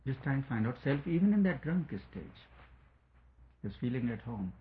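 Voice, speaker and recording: A man's voice: mid-range voice, big pitch swings, normal speed, slight background noise. Male spiritual speaker, rambling chuckling storyteller, tinny phone-quality line. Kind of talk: spiritual talk with a told story.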